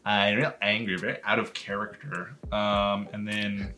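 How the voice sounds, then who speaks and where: A man's voice: lowish voice, level tone, moderate pace, sharp tone, a little hiss or hum. A congested man casually recapping a movie on a podcast, rambling and swearing with bursts of laughter. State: congested sinuses. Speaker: podcast host.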